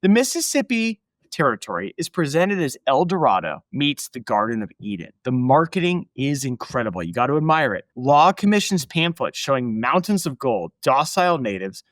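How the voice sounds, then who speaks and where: A man's voice: medium pitch, very animated, moderate pace, hardly any pauses, fairly bright tone, no room sound. A man hosting a podcast, narrating history in a casual, emphatic way with asides to his listeners. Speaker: podcast host.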